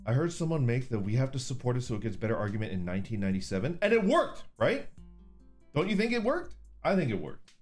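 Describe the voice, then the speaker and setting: A man's voice: mid-range voice, big pitch swings, quick pace. Laid-back man chatting over faint music. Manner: laid-back, profane, laughs often. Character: orc persona streamer. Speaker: streamer. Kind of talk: casual chat reading super chats.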